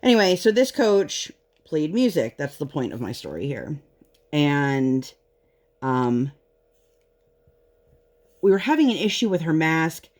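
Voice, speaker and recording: A woman's voice: deep voice, big pitch swings, measured pace, long pauses, a little mellow. A woman talking casually to her viewers while she works on a craft project. She rambles through a parenting story, drifting into tangents and then pulling herself back on track. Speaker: vlogger and parent.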